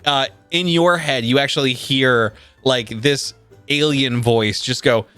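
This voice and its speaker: A man's voice: medium pitch, measured pace, bright, forceful tone, smooth, soft background music. A man narrating a tabletop game as game master, in a casual, rambling manner full of filler words.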